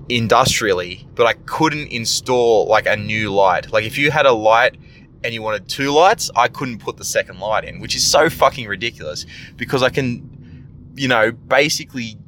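Young Aussie tradesman, lowish voice, blunt and foul-mouthed, rants casually, faint rumble behind. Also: a bit bright. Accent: Australian. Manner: blunt, profane ranting. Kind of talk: casual venting monologue.

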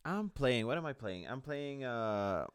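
Podcast dude, lots of uhs while thinking, clear voice, dry close mic. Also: male voice, mid-range voice, sing-song, measured pace, dry recording. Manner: hesitant, many fillers, searching for words. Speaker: podcast co-host. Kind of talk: casual gaming chat.

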